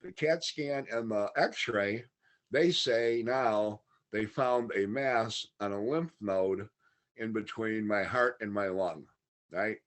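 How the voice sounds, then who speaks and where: A man's voice: on the low side, takes it slowly, fairly bright tone. A man talking as a podcast guest, telling a long personal story in a candid, matter-of-fact way. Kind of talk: casual interview storytelling.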